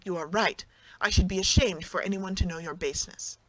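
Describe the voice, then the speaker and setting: A narrator voicing a scornful young wife. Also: female voice, on the low side, a little fast, dry recording, natural voice, low-quality recording. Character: young passionate woman, scornful of husband. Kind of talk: audiobook narration.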